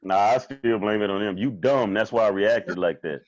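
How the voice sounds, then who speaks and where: A man's voice: fairly low pitch, moderate pace. A man guesting on a podcast as a DJ, joking in laid-back casual banter. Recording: dull dry lo-fi mic.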